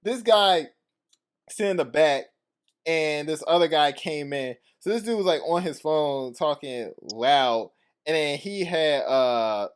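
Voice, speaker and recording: High, lively man chatting casually. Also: a little slow, clear, resonant tone. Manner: rambling, profane storytelling with frequent laughter. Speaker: podcast co-host. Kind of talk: casual chat.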